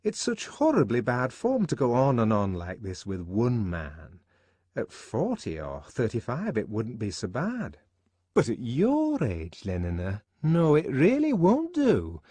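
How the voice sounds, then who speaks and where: A man voicing Fanny, a gossipy young woman who scolds her friend in a shrill, mocking way. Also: huge pitch swings, measured pace, mellow, breathy edge, no room sound, full character voice. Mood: scolding.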